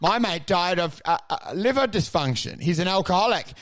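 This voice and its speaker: A man's voice: high voice, lively intonation, a little fast, a bit bright, dry recording. A man co-hosting a comedy podcast, ranting and swearing in casual banter, mimicking people in exaggerated voices.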